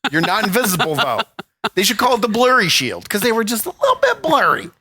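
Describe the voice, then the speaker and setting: A man co-hosting a podcast, with a high, bright voice that swings widely as he cracks dry jokes. The sound is close and dry, with faint music underneath. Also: wildly swooping pitch, quick pace, husky. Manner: dry, joking, playful. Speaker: co-host. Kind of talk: casual banter, deadpan jokes.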